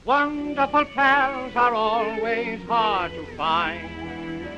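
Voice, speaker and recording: A man's voice: high-pitched, drawn-out words, muffled recording, over music. A man singing as a young nightclub crooner, delivering a sentimental ballad in an early sound film song. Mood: tender. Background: orchestra with violin.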